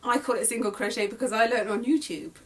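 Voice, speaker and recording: Quick and a little high-pitched, a young woman from England leads a relaxed crochet lesson for beginners. As a designer, she keeps things friendly and talkative, often backtracking to fix what she's just said.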